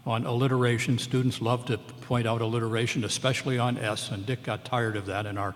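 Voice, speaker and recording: Professor explaining verse in a reverberant hall. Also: male voice, mid-range voice, flat delivery. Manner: measured, explanatory, slows to sound out lines of verse. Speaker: English professor speaking on a memorial panel. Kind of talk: close-reading lecture on a poem. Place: large lecture hall at a memorial event.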